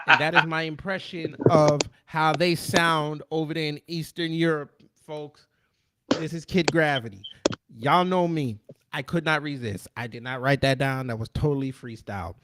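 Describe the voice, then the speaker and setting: A man's voice: on the high side, normal speed, a bit bright. A man hosting a casual online talk show in a joking, loose, irreverent manner. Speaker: show host. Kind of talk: casual podcast chat.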